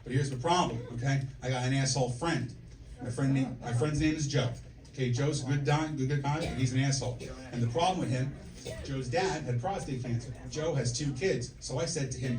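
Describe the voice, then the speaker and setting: On a comedy club stage, a stand-up comedian in his forties works the crowd with brash, profane stories, often tossing in "okay?" and "right?" He has a mid-range voice and talks a little fast. The recording is distant and echoey, with loud room noise.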